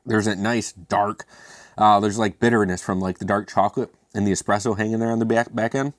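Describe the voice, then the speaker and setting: A man's voice: on the low side, fairly even intonation, a little fast, dry recording, clean studio sound. A man hosting a casual beer review, chatty and self-mocking with rambling asides.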